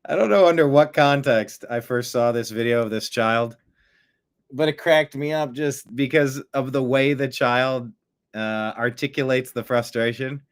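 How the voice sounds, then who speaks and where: A man's voice: mid-range voice, a little slow, clean tone. A man hosting a casual online commentary show from his home desk, chatting and talking to his cat between stories. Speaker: host.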